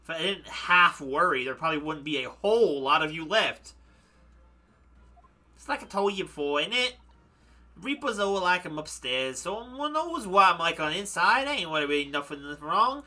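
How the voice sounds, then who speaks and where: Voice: medium pitch, animated, moderate pace, bright, forceful tone. A streamer voicing a cheeky young woman, a former pickpocket, reading game dialogue aloud in a breezy, cocky way.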